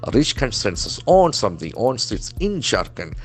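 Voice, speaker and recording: A man's voice: medium pitch, big pitch swings, moderate pace. A man teaching vocabulary from newspaper headlines, spelling words letter by letter and modeling their pronunciation. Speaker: English trainer.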